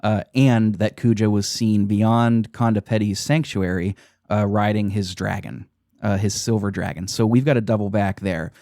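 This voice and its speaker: A man's voice: fairly low pitch, steady tone, normal speed, mellow, no echo, studio quality. A man hosting a podcast, casually retelling a game's story, laughing often and swearing now and then. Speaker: podcast host.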